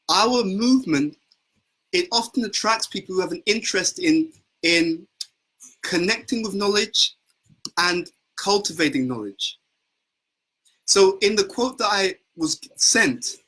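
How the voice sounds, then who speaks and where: A man's voice: sits high, a bit bright, slightly rough, rough recording. A man giving an earnest devotional talk as a spiritual teacher, often repeating words as he searches for phrasing. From United Kingdom.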